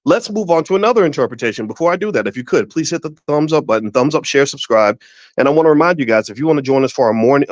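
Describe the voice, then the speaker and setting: A middle-aged man hosting a casual commentary monologue, folksy and repetitive, breaking into high excited voices when telling stories. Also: dry recording. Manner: animated storyteller, jumps into high excited voices; folksy, repeats himself and restarts often. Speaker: host. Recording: dull, slightly lo-fi dry sound.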